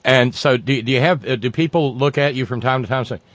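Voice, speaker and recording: A man's voice: medium pitch, fast, a bit bright, no echo. A man hosting a radio chat in a folksy, joking way, often restarting his sentences. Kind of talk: casual radio conversation.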